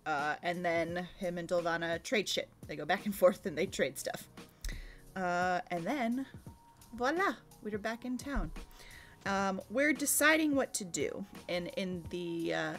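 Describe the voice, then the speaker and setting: A woman's voice: fairly low pitch, lively intonation, a little slow, fairly bright tone, faint music behind. A woman co-hosting a podcast, recapping a tabletop game session in casual chat, often laughing and teasing her co-host. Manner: giggly, chatty, teasing.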